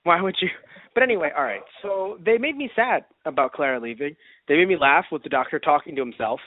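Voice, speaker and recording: A man's voice: fairly high pitch, animated, fast talker. A man co-hosting a casual fan review podcast, talking animatedly, acting out reactions and laughing often. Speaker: podcast co-host. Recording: dry, phone-like lo-fi sound.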